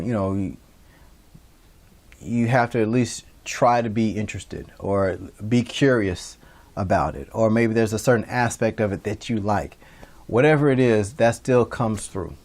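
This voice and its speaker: Casting: male instructor, relaxed and rambling, mid-pitched voice. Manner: casual, rambling with many fillers and restarts. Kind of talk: recorded online lecture.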